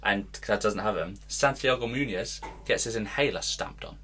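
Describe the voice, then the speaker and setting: A man co-hosting a casual podcast, laughing through an animated retelling of a film. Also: lowish voice, normal speed, a little hiss or hum. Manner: giggly, animated retelling with put-on quotes. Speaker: podcast co-host. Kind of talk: casual chat.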